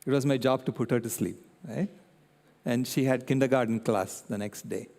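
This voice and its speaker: An older man giving a public talk, an animated storyteller who keeps checking in with his audience. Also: mid-range voice, normal speed, gravelly. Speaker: guest speaker. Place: convention centre hall. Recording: long reverb in a large hall.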